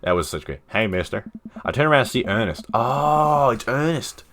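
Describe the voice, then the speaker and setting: Deep-voiced joking male game streamer. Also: sing-song, fast talker, fairly bright tone. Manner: joking, playful, self-mocking asides. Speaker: streamer playing a dating game. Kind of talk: casual let's-play commentary, reading dialogue aloud.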